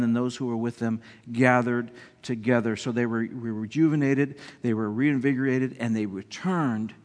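Man preaching in a reverberant hall. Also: medium pitch. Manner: animated preaching, repeats and restarts words, swings from loud to quiet. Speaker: pastor. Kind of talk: sermon.

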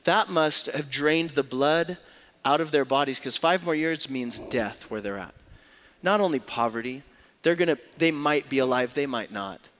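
A man preaching a sermon as a pastor, swinging between hushed, slow lines and loud, raised passages. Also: mid-range voice.

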